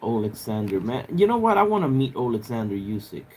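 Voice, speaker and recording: A man's voice: mid-range voice, big pitch swings, brisk, warm tone, a little hiss or hum. A man on a live stream, rambling loosely to his viewers with plenty of filler and swearing. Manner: rambling, talks straight to viewers in chat; loose and profane, lots of filler. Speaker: livestreamer. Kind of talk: casual livestream chat.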